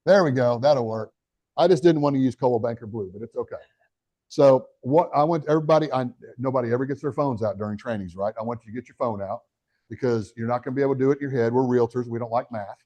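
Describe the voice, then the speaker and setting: A middle-aged man giving a live real estate training, energetic and talking straight to the audience with questions. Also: medium pitch, quick pace. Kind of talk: live motivational training talk.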